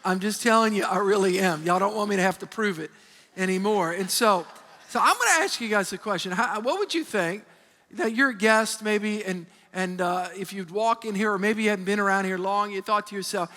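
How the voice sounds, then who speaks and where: A man preaching a sermon as pastor, animated and emphatic, often restarting his sentences. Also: high-pitched, brisk. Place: large church hall. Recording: long hall reverb.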